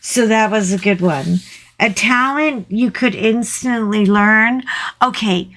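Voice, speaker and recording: A woman vlogger in casual chat, rambling and chatty with animated asides. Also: medium pitch, takes it slowly.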